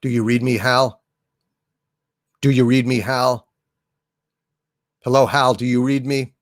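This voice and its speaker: A man's voice: mid-range voice, level tone, a little slow, no room sound, clean studio sound, pitched below the performer's own voice, close to an everyday voice. A man voicing a tense male astronaut, pressing and urgent.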